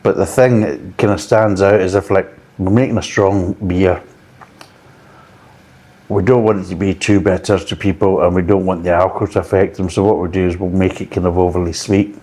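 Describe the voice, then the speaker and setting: A man's voice: sits low, steady tone, moderate pace, warm tone. A man reviewing a beer in a blunt, exasperated way, swearing freely.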